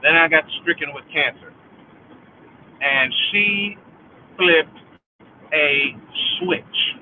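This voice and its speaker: Drawing out his words and leaving long pauses, a middle-aged livestream host delivers an angry, profane monologue, repeating lines for emphasis. His voice is a little high, and the audio is tinny and phone-like with a little hiss or hum.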